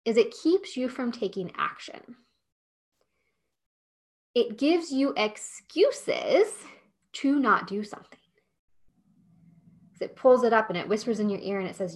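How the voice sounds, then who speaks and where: A woman's voice: a little high, expressive, unhurried, long pauses. A woman hosting a solo podcast, coaching business owners in a chatty, emphatic way with lots of "like" and "okay?".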